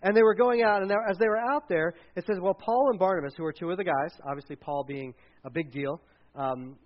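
A man's voice: fairly high pitch, a little fast, lo-fi sound. A man preaching a casual sermon as pastor, conversational with many fillers and restarts.

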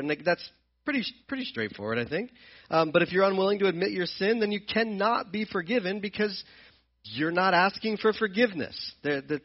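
A man's voice: on the high side, muffled recording. A man teaching from the Bible in an earnest, explanatory way, often repeating and restarting his phrases. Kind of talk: sermon-style Bible teaching.

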